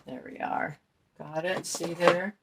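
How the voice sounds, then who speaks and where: A woman's voice: on the low side, steady tone, slow pace, heavy background noise. A middle-aged woman hosting a crafting channel, chatting in a folksy way while she paints and explains each step. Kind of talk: casual craft tutorial talk.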